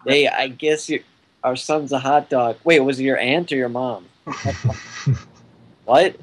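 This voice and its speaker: A man's voice: mid-range voice, slow, slight background noise, poor audio. Joking, rambling man on a podcast. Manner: joking, rambling, laughs often. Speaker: podcast guest, event organizer. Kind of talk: casual podcast chat.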